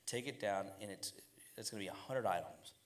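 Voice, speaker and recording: A man's voice: lowish voice, fairly quick. A man on a casual panel, giving direct, confident, coach-like advice.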